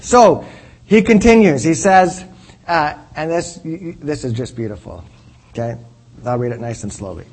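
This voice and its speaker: A man with a high voice gives sermon-style teaching to a class. He speaks earnestly and drives each point home by repeating it. He often pauses to ask his listeners whether they follow. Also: very animated, rough recording. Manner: earnest, repeats key phrases for emphasis, checks in with listeners.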